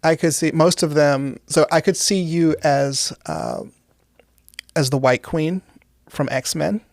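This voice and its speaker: A young woman, a guest comedian, chatting casually in an interview with deadpan dark humor and laughing at her own jokes. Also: deep voice, slow, creaky, dry recording, studio quality.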